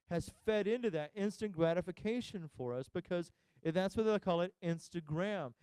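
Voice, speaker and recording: A man preaching a sermon as pastor, talking straight to his listeners, asking them questions and pausing for effect. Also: sits high, warm tone, smooth, no room sound, rough recording. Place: church.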